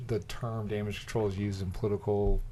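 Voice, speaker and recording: A man's voice: lowish voice, little pitch movement, a little fast, mellow. A man hosting a casual podcast chat, rambling and joking, often restarting his sentences. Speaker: podcast host.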